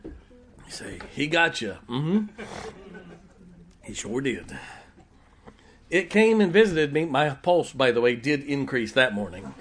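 A middle-aged man preaching a sermon in a folksy, humorous way, swinging from loud emphasis to quiet, intimate asides. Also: mid-range voice, expressive, slow pace, long pauses, slight background noise. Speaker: pastor.

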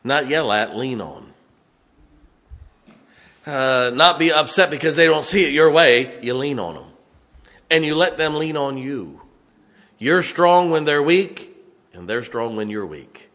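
A man's voice: on the high side, lively intonation, unhurried, pauses often, fairly bright tone. A middle-aged man from West Virginia with a West Virginian accent, preaching a sermon in a folksy, conversational way, with asides and chuckles. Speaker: pastor.

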